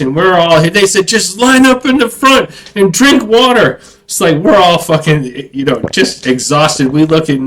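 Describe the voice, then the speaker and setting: High-voiced man telling a rambling war story. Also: fairly bright tone, poor audio. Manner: rambling, profane, self-mocking. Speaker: army veteran storyteller. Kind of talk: casual storytelling monologue.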